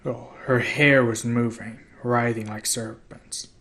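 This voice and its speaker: A man reading a novel aloud in first person, steady and plain, with small slips. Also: mid-range voice, slow pace. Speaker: audiobook reader. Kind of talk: amateur audiobook narration.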